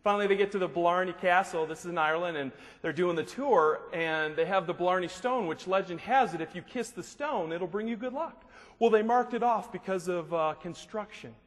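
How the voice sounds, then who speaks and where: High-voiced man joking on stage. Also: brisk. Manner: joking, animated storyteller. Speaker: motivational speaker. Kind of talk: humorous keynote speech. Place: large hall with a live audience. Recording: long hall reverb, faint noise.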